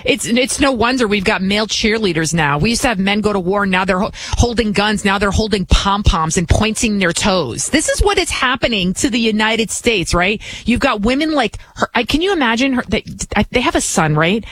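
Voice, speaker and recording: A woman's voice: mid-range voice, animated, normal speed, few pauses, fairly bright tone, low-quality recording. A woman filling in as a talk radio host, delivering blunt, combative and opinionated commentary.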